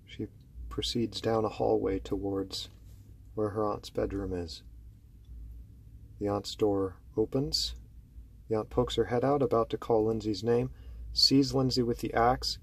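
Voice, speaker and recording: A man narrating a horror story at a slow, deliberate pace, his voice sinking to a hush in quiet moments to build suspense. His pitch sits in the middle of the usual male range. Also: steady tone, breathy edge. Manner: slow, hushed, dramatic, building tension.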